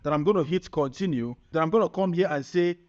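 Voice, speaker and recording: A man presenting a screen-recorded software tutorial, upbeat and chatty, often checking in with the viewer. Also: on the high side, fast talker. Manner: upbeat, chatty, keeps asking "right?". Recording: muffled lo-fi sound.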